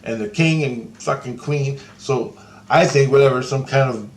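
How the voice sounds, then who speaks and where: Guy rambling about a vision he had, swears a lot, mid-pitched voice, bit of faint noise behind. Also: moderate pace. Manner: profane, breathless, awestruck. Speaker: storyteller recounting a vision. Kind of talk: rambling first-person account.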